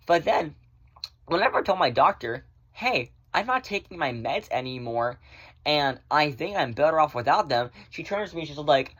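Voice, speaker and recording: A man chatting casually in a vlog, rambling through viewer questions and swearing freely, often in fast bursts. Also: medium pitch, expressive, fairly bright tone. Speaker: vlogger answering viewer questions. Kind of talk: casual chat.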